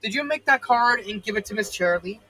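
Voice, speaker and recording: A man's voice: high-pitched, expressive, fairly quick, heavily acted, rough recording. A man reading a refined, poised adult mare in an audiobook-style fan fiction reading. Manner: poised, proper and gently scolding. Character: refined elegant adult mare, fashion-minded unicorn.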